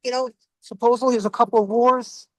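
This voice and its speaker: A man's voice: very high voice, fairly even intonation, fairly quick, no room sound. An Italian-American comedian doing a rambling stand-up set while driving, recorded inside his car. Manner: rambling, asks himself "what else is going on".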